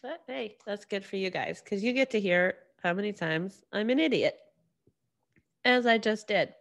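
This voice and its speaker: एक युवा महिला होस्ट, जो अकेले बैठकर अपने पॉडकास्ट पर बिखरी-बिखरी बातें करती है, बार-बार वाक्य अधूरे छोड़कर फिर से शुरू करती है और खुद पर ही हँसती है।. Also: female voice, mid-range voice, moderate pace, gravelly. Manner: rambling, self-deprecating, many restarts. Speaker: podcast host. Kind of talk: casual solo monologue.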